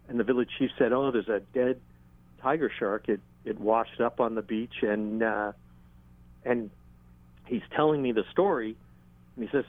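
Man on a thin phone line, dry sound, halting and relaxed, dry humor, interview guest. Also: mid-range voice, no echo. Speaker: shark documenter, interview guest. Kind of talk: conversational interview storytelling.

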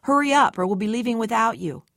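A woman's voice: on the high side, expressive, quick pace, creaky, fairly bright tone, no echo, studio quality. Woman doing a bossy scheming grandmother. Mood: impatient. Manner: bossy and impatient.

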